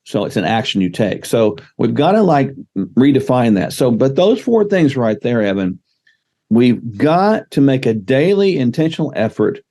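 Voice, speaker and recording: Mellow-voiced man giving health advice. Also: mid-range voice, very animated, moderate pace. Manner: emphatic, coaching tone with numbered points. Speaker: guest doctor. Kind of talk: casual podcast interview.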